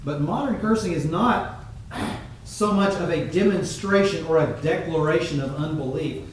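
A man preaching a sermon in a measured teaching tone, pausing often with fillers. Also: a little high, slight background noise. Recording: very echoey room, mic far off.

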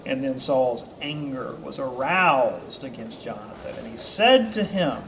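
A man's voice: mid-range voice, expressive, measured pace, hardly any pauses, a bit bright, slight background noise. A man teaching a Bible study group. He reads a passage, then explains it casually with ums, uhs and chuckles. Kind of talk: informal scripture teaching to a small group.

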